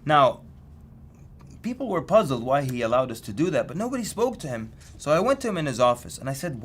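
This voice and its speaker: A man's voice: on the high side, big pitch swings, fairly quick, slight background noise. A man giving a recorded lecture, telling stories in a conversational way and often repeating and restarting his words. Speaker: Islamic course lecturer.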